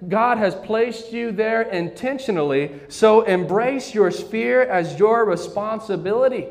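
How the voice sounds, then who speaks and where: A man preaches a sermon from the pulpit, his voice pitched high. He keeps prompting the congregation to say words back to him. The sound carries a long church-hall reverb. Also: lively intonation, a little slow. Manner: call-and-response preaching, asks congregation to repeat. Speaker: pastor. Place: church sanctuary.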